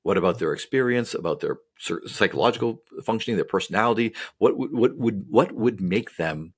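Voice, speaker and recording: A man with a deep voice and a husky edge talks through ideas quickly on a podcast. He rambles, piles up fillers and wanders into tangents as he explains like a psychologist would. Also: lively intonation. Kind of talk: casual podcast chat.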